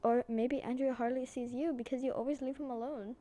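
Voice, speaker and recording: A young woman with a high, light voice interviews her brother in a casual podcast chat. She asks questions and teases him. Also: fairly even intonation, fairly quick, warm tone. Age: young adult. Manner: questioning, teasing. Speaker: guest interviewer.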